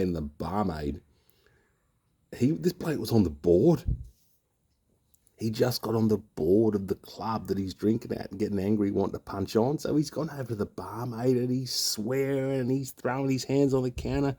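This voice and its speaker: A deep, gravelly Australian man in middle age spins a loose, rambling pub yarn full of slang and the odd swear word. His voice is dark and husky, and he talks like he's chatting to mates over a beer. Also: expressive, normal speed. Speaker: beer review vlogger. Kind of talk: casual storytelling.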